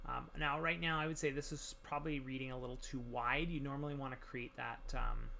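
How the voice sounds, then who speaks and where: A man talking through a software tutorial as he works, relaxed, with many pauses and fillers. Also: mid-range voice, creaky, slight background noise. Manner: relaxed, many ums and restarts while working. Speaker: tutorial instructor. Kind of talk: screen-recorded software tutorial.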